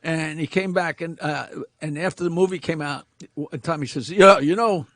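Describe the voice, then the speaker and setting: A man telling a show-business anecdote on a talk show, halting and restarting his sentences. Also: on the high side, fairly even intonation.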